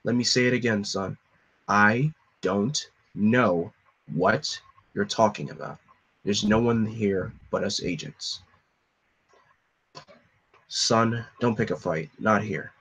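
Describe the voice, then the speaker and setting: A man voicing a weary government agent who talks down in a low, quiet, condescending way in a comic reading. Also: steady tone, measured pace, pauses often, husky, heavily acted, low-quality recording. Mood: cold, dismissive.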